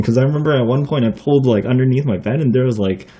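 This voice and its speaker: A man's voice: mid-range voice, fast, few pauses, dark tone, breathy edge. A young man telling stories in a casual vlog, rambling, chuckling often, with plenty of fillers and some casual swearing. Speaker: vlogger.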